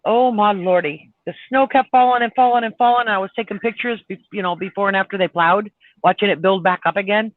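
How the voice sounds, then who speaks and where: A man's voice: sits high, fairly quick, dry recording. A man, a truck driver, telling a long road story in a chatty way on a live stream. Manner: chatty, laughing, retells arguments with heat. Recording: tinny phone-like line.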